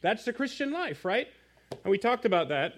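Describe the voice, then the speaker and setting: A man preaching a sermon in church, telling a story with animated asides to the congregation. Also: sits high, moderate pace. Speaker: pastor.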